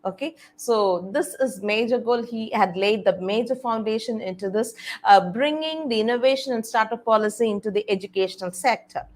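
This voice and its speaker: Her voice is fairly high and her speed normal. An Indian panel speaker on innovation policy, she walks an online audience of faculty and students through her points step by step, frequently stopping on "okay" and "all right."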